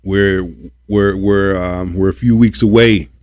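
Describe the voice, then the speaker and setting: Man, low-pitched, preachy livestream rant, repeats himself for emphasis, swears when worked up. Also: fairly even intonation, a little slow, a little mellow. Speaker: livestream host.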